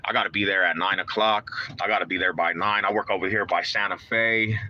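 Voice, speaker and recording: A man's voice: deep voice, fairly even intonation, a little fast, bright, forceful tone, muffled recording, slight background noise. A man live-streaming from his car on the way to work, chatting hyped and trash-talking, calling everyone bro. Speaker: live-streaming sports fan host. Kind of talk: casual live stream chat. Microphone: phone in hand.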